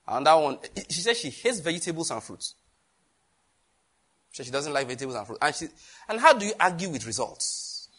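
A man delivering a sermon in a husky, somewhat high voice. He preaches in a lively way, laughing often and throwing questions out to his listeners. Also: brisk, long pauses. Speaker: pastor.

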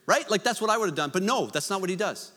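A man preaching a sermon, conversational with joking asides, swinging from loud to hushed. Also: sits high, expressive, very fast, in a large hall. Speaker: pastor.

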